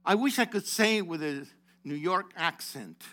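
A man preaching a sermon to his congregation, calling on members by name, rising to loud exhortations and dropping low again. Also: normal speed. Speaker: pastor.

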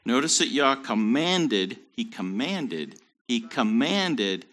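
A man's voice: medium pitch, sing-song, takes it slowly, few pauses, a bit bright. A man teaching a Bible study in a conversational way, with joking asides.

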